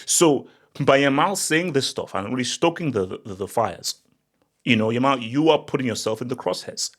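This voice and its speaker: A man hosting his own football channel, talking casually in an animated, excitable way with frequent restarts and sudden rising outbursts. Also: medium pitch, normal speed. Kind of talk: casual opinion monologue.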